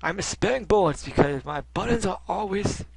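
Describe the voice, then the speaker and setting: Excitable man commenting on a hard game. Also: high-pitched, moderate pace, creaky, husky, no echo, low-quality recording. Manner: rambling, self-mocking, breaks into frustrated shouts. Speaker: let's play host. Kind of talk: casual gameplay commentary.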